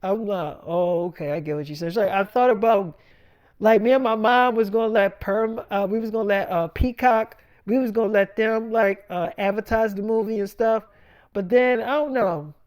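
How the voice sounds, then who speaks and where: A man's voice: high-pitched, normal speed, darkish tone, clean tone, no echo. A man telling a rambling made-up story in casual, profane speech. He acts out both sides of conversations, switching between "I'm like" and "she's like".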